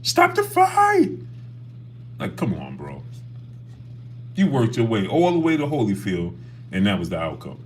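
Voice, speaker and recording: Lively low-voiced man hosting a livestream. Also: normal speed, pauses often, a little hiss or hum. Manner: animated, greets chat viewers by name. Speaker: boxing livestream host. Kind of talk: casual livestream chat.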